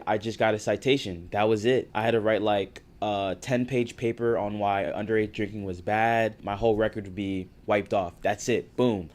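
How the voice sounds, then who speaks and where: A young man in his twenties tells a story straight to camera. His voice sits fairly low, and he keeps it animated, casual and full of slang. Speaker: vlogger.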